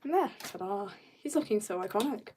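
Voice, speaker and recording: In a very noisy recording, a woman with an expressive, mid-range voice talks a little fast. She's an artist livestreaming as she draws, reading chat and chatting casually with viewers, bubbly and often laughing.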